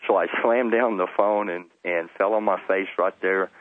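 A man's voice: low-pitched, fairly even intonation, moderate pace, no echo. A middle-aged man, telling his personal testimony earnestly as a phone-in guest. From Texas. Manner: earnest storytelling with restarts. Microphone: telephone. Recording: tinny phone line.

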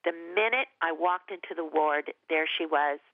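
A woman guest telling a personal faith testimony in an earnest, emotional way, with halting restarts, heard over a phone call. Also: low-pitched, no echo. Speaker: ministry leader and guest. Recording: tinny phone line.

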